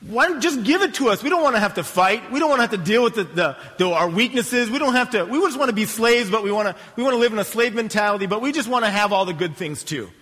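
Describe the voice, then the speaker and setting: In a sermon, a man doing the complaining Israelites whines and pleads for an easy way out. His voice sits high and sharp. A long hall reverb trails each line. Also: big pitch swings, slow, exaggerated voice. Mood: whining. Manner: whining, pleading, exaggerated. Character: whiny complaining Israelites demanding easy blessing.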